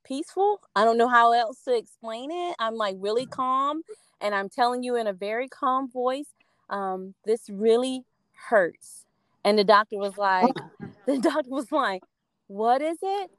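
A woman tells stories in casual chat and acts out the quotes with energy. Her voice sits a little high. The sound is close and dry, with no room around it. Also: no echo. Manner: animated storyteller, acts out quotes.

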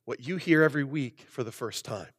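A man preaching a sermon as pastor, animated, swinging between loud emphasis and soft, low asides. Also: a little fast, breathy edge, big-room sound.

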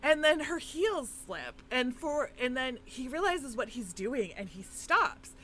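A woman in a loose podcast chat, recapping a movie in a chatty, filler-laden way. Her pitch swings widely as she tells the story. There is a faint hum of room ambience behind her. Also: measured pace. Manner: chatty, animated retelling with frequent fillers and laughs. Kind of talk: casual chat recapping a film.

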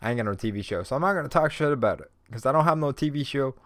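A man's voice: mid-range voice, expressive, very fast, dry recording. A young man hosting a podcast, ranting casually and heatedly, swearing constantly and filling his talk with "bro" and "like.". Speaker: podcast host. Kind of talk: casual profane rant.

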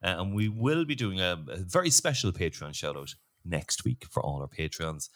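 A man's voice: sits low, normal speed. A man hosting a football podcast in casual, joking chat. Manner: jokey, loose and lively. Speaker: podcast host.

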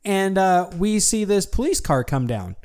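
A young man casually telling a long story to a friend, animated and full of fillers. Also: high voice, measured pace. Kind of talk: casual chat.

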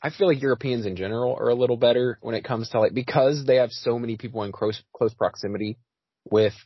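A man's voice: mid-range voice, fairly even intonation, fast, breathy edge, no echo. A man hosting a casual podcast chat, talking with frequent fillers and restarts. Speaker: podcast host. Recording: dry, slightly dull audio.

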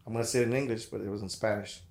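A man telling a raunchy road story in casual podcast chat, profane and animated, acting out the people he quotes. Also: on the low side, very fast, echoey room. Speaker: podcast guest.

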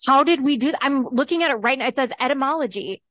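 A woman co-hosting a podcast, excitable and exclaiming, peppering casual talk with 'like'. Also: high-pitched, fast, no echo. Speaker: podcast co-host.

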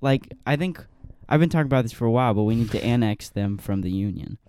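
A man's voice: mid-range voice, expressive, fast, darkish tone, clean tone, dry recording, studio quality. A young man co-hosting a podcast in casual chat, laid-back, riffing on jokes and laughing often. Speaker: podcast co-host.

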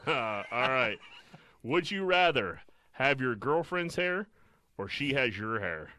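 A man's voice: medium pitch, very animated, slow pace, pushed and bright, a little hiss or hum. A man co-hosting a casual podcast, making blunt, crude jokes. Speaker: podcast co-host.

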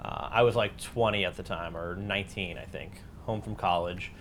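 A man's voice: low voice, normal speed, a little hiss or hum. A man co-hosting a casual podcast, telling a story with jokes. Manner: lively, joking storyteller. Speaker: podcast co-host.

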